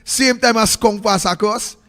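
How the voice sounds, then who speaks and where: Fiery high-voiced Trinidadian man ranting. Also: a little slow, a bit bright, big-room sound, faint music behind. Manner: fiery, ranting, repetitive, at times sing-song. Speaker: political commentary host. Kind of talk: impassioned political monologue.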